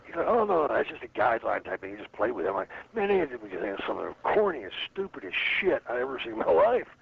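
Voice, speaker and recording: Telling stories in a relaxed interview, this guest, once a wrestler, rambles through profane anecdotes and drops into other people's voices as he quotes them. He speaks fast and very animatedly at a medium pitch, with a creaky, breathy edge. The audio is slightly muffled and carries faint noise.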